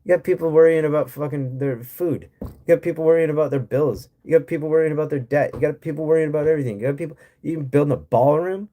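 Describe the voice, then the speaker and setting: A fairly high-pitched, mellow male voice comes quickly from an American livestream host. His casual rant is blunt, sarcastic and heavy on profanity, and he reads and replies to chat as he goes.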